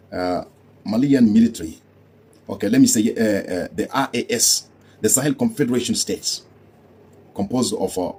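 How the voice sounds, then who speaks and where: A man's voice: lowish voice, darkish tone, breathy edge. A man from Africa giving heated political commentary, scornful and repeating rhetorical questions.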